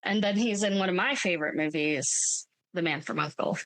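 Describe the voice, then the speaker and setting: A woman co-hosting a podcast, chatting about films in a frank, animated way and laughing often. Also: on the low side, moderate pace, no echo, rough recording. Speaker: podcast co-host. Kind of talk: casual movie-review chat.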